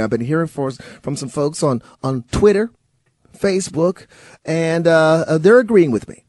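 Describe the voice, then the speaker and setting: A man filling in as a talk radio host, giving an animated, sarcastic monologue and chuckling at times. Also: on the high side, moderate pace, faint music behind.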